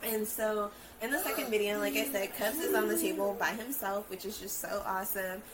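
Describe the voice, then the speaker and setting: Encouraging mom hosting a podcast. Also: female voice, medium pitch, steady tone, a little fast, crowd noise, poor audio. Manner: warm, encouraging, says "right?" often. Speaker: podcast host, mother. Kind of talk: casual chat.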